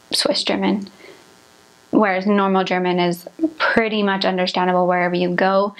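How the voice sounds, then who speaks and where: A woman's voice: medium pitch, rough recording. A young adult woman, a former missionary, explaining in a chatty, rambling way with many filler words. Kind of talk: casual conversational explanation.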